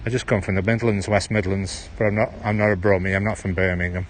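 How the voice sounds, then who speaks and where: Man, Stoke-on-Trent accent, low-ish voice, loose rambling walk-and-talk livestream, phone mic outdoors. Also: flat delivery, fast talker, slight background noise. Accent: Stoke-on-Trent (Potteries). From Stoke-on-Trent, England. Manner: rambling, chatty, drops H's. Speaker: livestream host. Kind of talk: casual walking livestream. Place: outdoor town park. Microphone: handheld phone.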